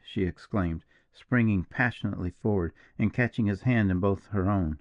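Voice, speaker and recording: A male audiobook narrator with a low, gravelly voice who reads in a steady, even way. The recording is dry and a little dull, with no room sound. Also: moderate pace, few pauses, dry recording. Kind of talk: scripted narration.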